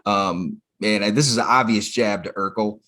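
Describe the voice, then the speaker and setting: A man co-hosting a podcast, recapping a cartoon episode in a relaxed, slangy way with lots of "uh" and "you know.". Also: fairly low pitch, moderate pace. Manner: relaxed, slangy, filler-heavy. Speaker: podcast co-host.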